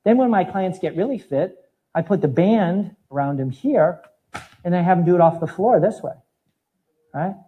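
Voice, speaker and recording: A man in his fifties, a fitness trainer giving an animated live talk to an audience, demonstrating exercises as he speaks. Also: high voice, normal speed, highs cut off. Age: 50s.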